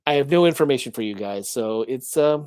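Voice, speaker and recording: A man co-hosting a casual livestream chat, talking in an animated, playful way and slipping into silly voices. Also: medium pitch, brisk, clear, resonant tone, dry recording, clean studio sound. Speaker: co-host.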